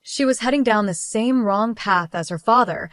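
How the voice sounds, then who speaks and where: A woman voicing a stern older mother-in-law who speaks calmly, coldly and with a superior tone. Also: medium pitch, normal speed, no room sound, natural voice. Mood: cold, scolding. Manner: calm, cold, superior.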